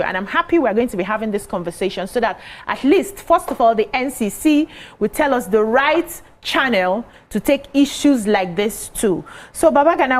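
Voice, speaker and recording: A woman presenting a live TV talk show, speaking in a clear, measured, welcoming way. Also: on the high side.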